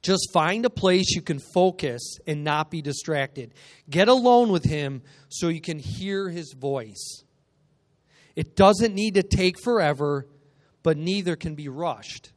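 A man preaching a lively sermon in a church, energetic and joking, calling out to the congregation. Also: on the high side, slow pace. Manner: energetic, joking, call-and-response. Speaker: guest preacher.

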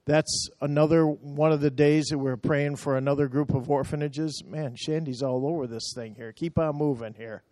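A man's voice: a little high, steady tone, normal speed, few pauses, warm tone, dry recording, clean studio sound. A man talking a church through slides from a mission trip, chatty and emotional, telling the operator to move on.

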